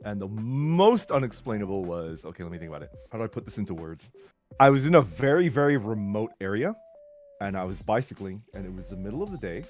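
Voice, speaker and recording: A man's voice: on the low side, sing-song, fast, darkish tone. A middle-aged man casually telling stories about camping and cycling, talking in loose, restarting sentences full of "like.". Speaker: streamer. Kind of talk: casual storytelling. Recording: faint music underneath.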